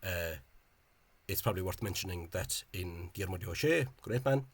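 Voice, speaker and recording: A man giving an informal spoken lecture over on-screen examples. He talks in a halting, hesitant way and is openly scornful of the official spelling. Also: sits low, expressive, slightly rough. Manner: hesitant and halting, with frequent pauses and restarts. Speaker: language enthusiast presenting a video lecture.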